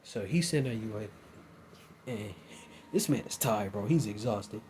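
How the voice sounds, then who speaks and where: A man's voice: fairly low pitch, lively intonation, unhurried, darkish tone, slight background noise. A young man casually improvising a fan story, rambling with lots of fillers. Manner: rambling, filler-heavy, says "you know what I'm saying" often.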